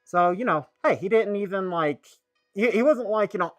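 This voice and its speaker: A man streaming a casual monologue, rambling and halting, full of fillers and restarts. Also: high-pitched, expressive, a bit bright, no echo, faint music behind.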